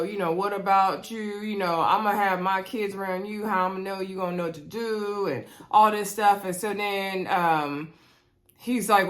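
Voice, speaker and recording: A woman casually recapping a reality dating show, chatty and animated, quoting the cast and talking straight to her viewers. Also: medium pitch. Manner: chatty, animated, retelling scenes with quoted voices; addresses viewers directly. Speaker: reality TV reviewer.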